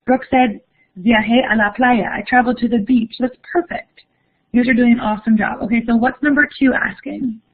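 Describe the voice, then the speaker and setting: A woman's voice: on the high side, fairly even intonation, brisk, breathy edge. A young woman teaching a live online lesson, upbeat and encouraging as she reads answers from the chat. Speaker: Spanish teacher. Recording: phone-like narrow audio.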